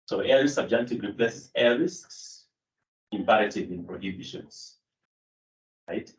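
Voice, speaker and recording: A man with a lowish voice lectures on grammar in a classroom, pausing on fillers and correcting himself as he goes. He sounds set back from the mic, with a roomy echo and a dull, muffled tone. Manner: explanatory, with fillers and self-corrections. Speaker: Greek lecturer. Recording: echoey room, distant mic, dull sound.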